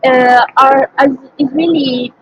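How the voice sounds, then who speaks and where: A woman's voice: high-pitched, steady tone, slow pace, highs cut off, slight background noise. A young woman with a Malaysian English accent, a native Malay speaker, earnestly answering interview questions and thinking aloud with many ums. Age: young adult.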